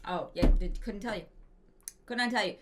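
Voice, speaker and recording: A woman's voice: medium pitch, moderate pace, noisy background. A woman co-hosting a casual movie review chat, dry and matter-of-fact with short replies. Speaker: co-host of a movie review show.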